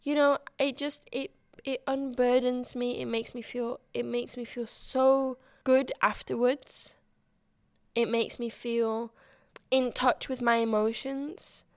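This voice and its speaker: A woman hosts her solo podcast in a fairly high voice, talking openly and swearing without a second thought. The sound is close and dry, with no room around her. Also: slow pace, smooth, dry recording. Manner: candid, expressive, swears freely. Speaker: podcast host. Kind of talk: casual solo podcast chat.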